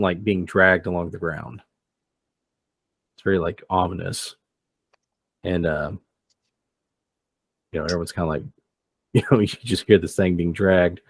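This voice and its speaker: Low-voiced man narrating a tabletop game. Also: measured pace, long pauses, dry recording. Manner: hesitant, with many fillers. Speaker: game master.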